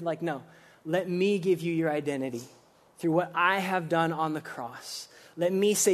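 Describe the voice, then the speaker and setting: A man preaching a casual, energetic sermon, using slang and swinging between loud emphasis and quiet reflection. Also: on the high side, moderate pace. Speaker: pastor.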